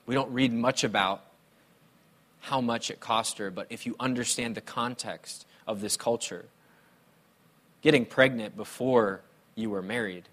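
A male pastor preaching a sermon, telling personal stories in a conversational, playful way. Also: medium pitch. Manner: conversational, animated storytelling with playful humor.

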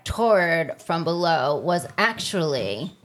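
A woman's voice: fairly low pitch, big pitch swings, takes it slowly, slight background noise. A woman comedian co-hosting a casual chat, thoughtful and full of questions. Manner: thoughtful, asks questions, reads facts aloud. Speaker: comedian co-host.

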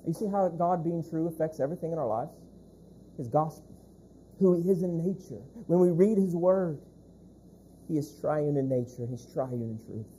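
Husky, mellow-voiced preaching pastor. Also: male voice, fairly high pitch. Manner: emphatic, repeats key phrases, slows down to stress points; speaks directly to the congregation with questions. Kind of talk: preaching a sermon.

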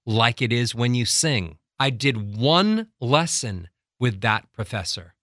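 Bright-voiced male voice coach teaching. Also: mid-range voice, takes it slowly, no echo, studio quality. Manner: animated, acts out little scenes and demonstrates breathing. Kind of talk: instructional talk with acted examples.

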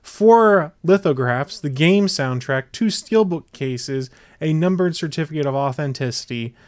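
A man's voice: fairly high pitch, animated, no room sound. A man hosting a casual podcast chat, rattling off details with enthusiasm. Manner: enthusiastic, fast rundowns. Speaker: podcast host.

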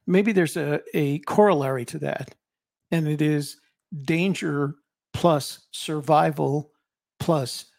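A man's voice: on the high side, slow, vocal fry, darkish tone, no echo, clean studio sound. An older man, a co-host and author, talking in a rambling, reflective way with many restarts in a casual chat.

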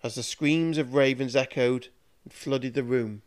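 A man reading a dark fantasy story aloud with measured, dramatic narration. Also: mid-range voice, fairly even intonation, clean tone.

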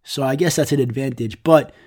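Young guy, casual storyteller, profane and rambling, average pitch. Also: a little fast. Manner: rambling, profane, quotes others in animated asides.

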